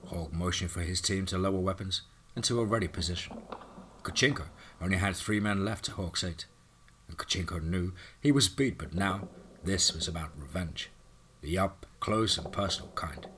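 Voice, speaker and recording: A man narrating a horror story in a dramatic, steady way. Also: low voice, normal speed, slight background noise.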